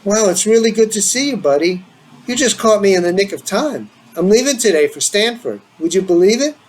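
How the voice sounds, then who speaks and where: A man's voice: lively intonation, brisk, a little hiss or hum, low-quality recording. Man voicing a playful, needling teen boy; lift the voice up from your own. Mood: excited teasing. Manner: playful, needling, higher and brighter than his own voice. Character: teasing eager teenage boy leaving for college.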